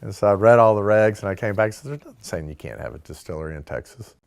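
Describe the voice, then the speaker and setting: A man with a very low voice tells a long, casual story about starting his business. He acts out the people in it in quick bits of dialogue and fills the gaps with "like" and "you know.". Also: expressive, vocal fry, darkish tone. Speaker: distillery founder telling his start-up story.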